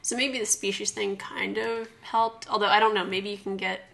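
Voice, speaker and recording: Bright-voiced woman co-host, thoughtful asides with dry humor. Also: medium pitch, little pitch movement, moderate pace, gravelly. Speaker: podcast co-host. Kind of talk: casual group chat.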